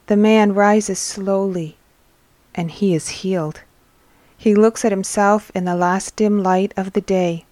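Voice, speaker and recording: Slow, earnest woman reading scripture stories. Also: mid-range voice, steady tone, a little mellow, no room sound. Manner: earnest, explains as she reads. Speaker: host and reader. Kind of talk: religious book reading and teaching.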